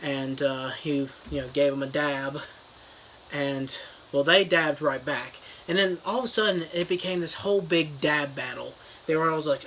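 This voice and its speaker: A man's voice: on the high side, moderate pace, a bit bright, a little hiss or hum, low-quality recording. A man giving a crude joking fake book review, rambling with lots of "you know" and "uh".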